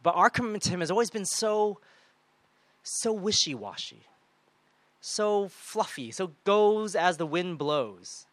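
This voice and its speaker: A man preaching a sermon in a lively way, often acting out the people and voices he quotes. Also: high voice, unhurried, no echo. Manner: animated, acts out quoted voices.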